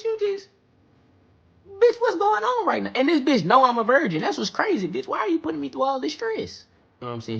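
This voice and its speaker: A young man telling a casual storytime monologue in slangy, profane talk, often checking in with "you hear me?" and jumping high when he recounts panicky moments. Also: fairly bright tone, slightly rough, dull audio.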